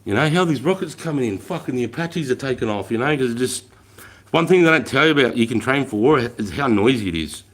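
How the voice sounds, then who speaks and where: A man's voice: mid-range voice, expressive, fast talker. A middle-aged Australian man telling war stories on a livestream, swearing often and laughing as he goes. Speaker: livestream host, army veteran. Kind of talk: casual storytelling on a livestream.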